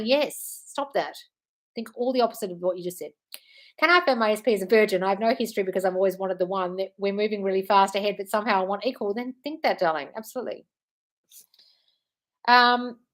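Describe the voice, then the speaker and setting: A woman who works as a manifestation coach answers viewer comments during a livestream in a mid-range voice. She is blunt and profane, often erupting into loud, scolding tough-love rants.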